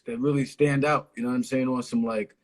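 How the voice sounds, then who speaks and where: A man's voice: medium pitch, fairly even intonation, a little fast. A man from Connecticut hosting a podcast, talking in laid-back, slangy banter during a casual interview chat. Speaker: podcast host.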